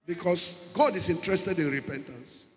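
A man's voice: fairly high pitch, moderate pace. A man preaching a sermon, emphatic and repeating key words as he calls out to the congregation. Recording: echoey hall with long reverb.

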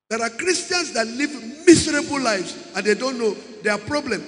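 Emphatic male preacher, bright tone, long hall reverb. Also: extremely high pitch, brisk, few pauses. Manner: emphatic, repeats key words, calls out to the congregation. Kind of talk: sermon.

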